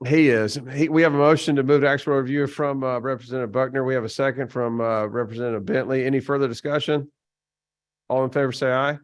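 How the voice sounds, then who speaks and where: Man chairing a committee, halting delivery. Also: mid-range voice, fairly even intonation. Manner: halting, many fillers and restarts. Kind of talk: formal committee proceedings.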